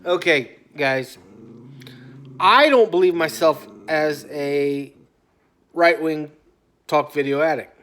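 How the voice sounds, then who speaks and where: A man in a rambling, casual rant to his phone camera at home, often stopping himself and trailing off into quiet mutters. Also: on the high side, takes it slowly, long pauses, a little hiss or hum. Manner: talkative, self-interrupting, drifts off into quiet mutters. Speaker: vlogger. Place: at home on a couch.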